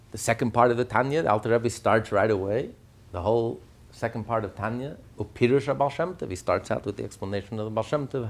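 A man's voice: mid-range voice, creaky. A man teaching a Torah class, telling stories with rhetorical questions and acting out the quoted speakers. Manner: animated storytelling, acts out quotes, rhetorical questions. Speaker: rabbi teaching.

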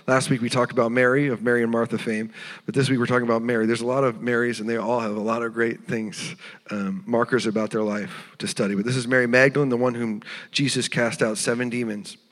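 A male pastor delivers an earnest, tender sermon in a mid-range voice. His words ring out with a long reverb from a church sanctuary, and now and then he drops to a hushed tone. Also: medium pitch, little pitch movement, fast talker. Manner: earnest, tender preaching with soft hushed moments.

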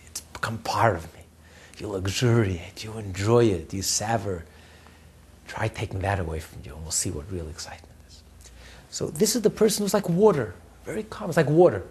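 Husky man giving an animated lecture. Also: medium pitch. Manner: animated, swings between loud and quiet, frequent chuckles, repeats words. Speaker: teacher. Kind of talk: religious class lecture.

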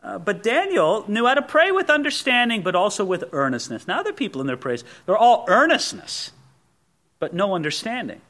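A man's voice: high voice, big pitch swings, fairly quick, pushed and bright. A male pastor preaching a sermon, emphatic and folksy, with rhetorical questions and personal asides.

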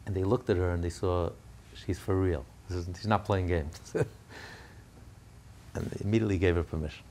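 A man's voice: deep voice, fairly even intonation, normal speed, darkish tone, slight background noise. A man giving a sermon through a family story, talking casually with restarts and building to fervent, emphatic peaks. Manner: conversational, with fillers and restarts, rising to fervent peaks.

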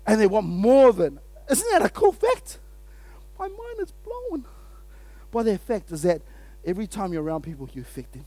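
High-voiced, fired-up man preaching. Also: normal speed, no room sound. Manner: energetic and exclamatory, often laughing, calls out to the audience. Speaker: pastor. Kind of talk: sermon.

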